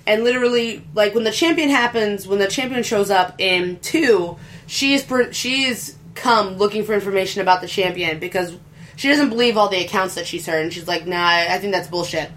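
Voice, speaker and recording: A woman chatting casually about a video game in an easy, rambling way. Her voice sits at an ordinary middle pitch, and she throws in crude jokes as she goes. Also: normal speed, a bit bright, a little hiss or hum.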